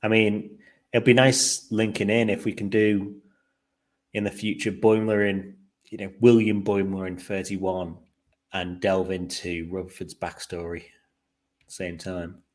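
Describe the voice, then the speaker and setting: A man's voice: sits low, little pitch movement, measured pace, a little mellow. A man co-hosting a podcast in casual chat, with dry, teasing remarks. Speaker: podcast co-host.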